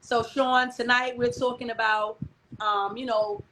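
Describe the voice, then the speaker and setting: A woman's voice: a little high, little pitch movement, unhurried, bright, forceful tone. Chatty woman hosting a live stream. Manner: chatty and candid, full of "um" and "you know". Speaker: live-stream show host. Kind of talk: casual live-stream chat. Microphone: computer mic on a live video stream. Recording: noisy stream audio.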